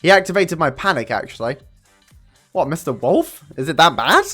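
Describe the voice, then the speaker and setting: Lively young man streaming. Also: normal speed, husky. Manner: chatty and profane, with sudden high excited jumps. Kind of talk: casual live-stream chat with viewers. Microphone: desk microphone. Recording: faint music under the voice. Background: faint music.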